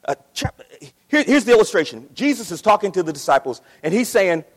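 A man delivers a fervent sermon in a very high voice that swoops up and down as he drives his points home. He repeats phrases for emphasis and acts out voices from his story. His voice rings out with a long reverb in a large hall. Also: sing-song, fairly quick. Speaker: pastor.

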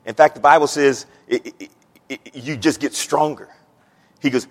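A man's voice: on the high side, lively intonation, moderate pace, breathy edge. Preaching man in a reverberant church. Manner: rising to emphatic peaks, repeats words. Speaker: pastor. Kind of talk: sermon. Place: church sanctuary.

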